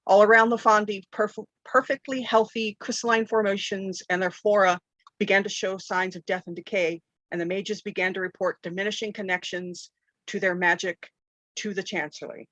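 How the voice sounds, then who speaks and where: A woman's voice: mid-range voice, steady tone, normal speed, a bit bright, dry recording, rough recording. Woman game master narrating dramatically. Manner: dramatic storytelling, frequent throat clearing and self-corrections.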